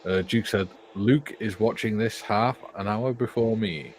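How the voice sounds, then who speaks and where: An older man with a Welsh accent reads viewer messages aloud, cracking jokes between them. His voice sits fairly low. There is a faint hum of room noise behind him. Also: unhurried, darkish tone. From Wales. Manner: jokey, reads viewer comments aloud with laughs. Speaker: co-host reading live chat. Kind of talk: casual banter on a livestream.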